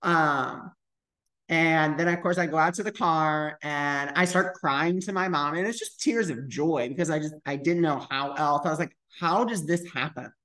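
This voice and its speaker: A man's voice: fairly high pitch, moderate pace, few pauses, fairly bright tone. A young man tells a personal story to camera on his spiritual vlog. He talks in a loose, chatty way, scattering fillers and acting out other people's lines as he goes. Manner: chatty, full of "like" fillers, re-enacts dialogue. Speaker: spiritual vlogger.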